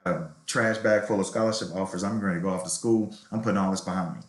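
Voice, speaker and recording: Man, middle-aged, low voice, candid reflective storyteller, roomy echo. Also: racing. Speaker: novelist guest. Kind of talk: storytelling interview.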